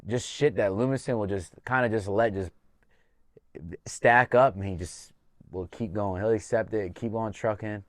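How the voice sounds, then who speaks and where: A man with a low voice tells a loose story on a podcast, swearing freely and acting out bits of dialogue. The recording is dry and close, with no room sound. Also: fairly even intonation, moderate pace, no echo. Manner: loose and profane, acts out quoted dialogue. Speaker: podcast host and fight coach.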